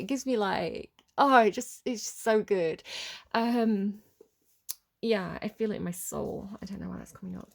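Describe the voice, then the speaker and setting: A woman chatting through a tarot reading in a loose, rambling way. She wanders off on tangents and apologizes for them, then settles back into reading card meanings at an unhurried pace. Her voice sits at an ordinary middle pitch. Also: creaky. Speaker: tarot reader. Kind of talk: casual tarot reading to camera.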